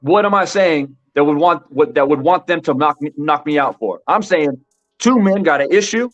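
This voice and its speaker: A man's voice: a little high, animated, normal speed. Fired-up man hosting a stream. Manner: emphatic, repeats his points, says "bro" often. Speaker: boxing commentary channel host. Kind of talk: live-stream commentary, talking to the chat. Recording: dull lo-fi with faint music.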